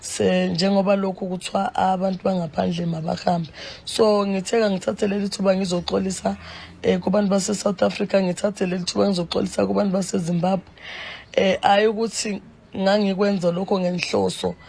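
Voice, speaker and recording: A woman's voice: medium pitch, little pitch movement, fairly quick, creaky, slight background noise. A young woman from Zimbabwe, talking in a social media clip and switching between languages. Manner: loud taunting mixed with other languages, playful laughter. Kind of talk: taunting social media clip, later a spoken apology.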